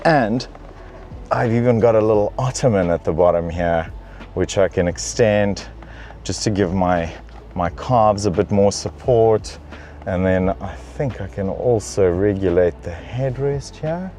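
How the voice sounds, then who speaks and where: A man's voice: on the low side, unhurried, warm tone, a little hiss or hum. A young man hosting a comedic car review from a car's back seat, in a playful, mock-pampered way. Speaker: host reviewing a luxury car.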